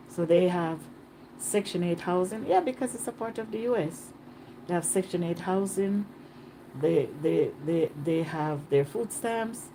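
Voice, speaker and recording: A woman's voice: fairly low pitch, a little hiss or hum. Chatty woman vlogging outdoors. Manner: chatty, animated, repeats herself. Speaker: travel vlogger. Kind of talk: casual vlog chat. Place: outdoors on a Caribbean island.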